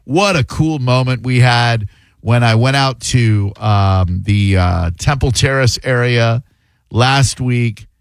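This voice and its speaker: A man's voice: mid-range voice, takes it slowly, clean tone, no echo. Guy hosting talk radio, loose jokey rambling, dry booth sound. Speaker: radio show host. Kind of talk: casual talk radio chat. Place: radio studio. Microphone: studio mic.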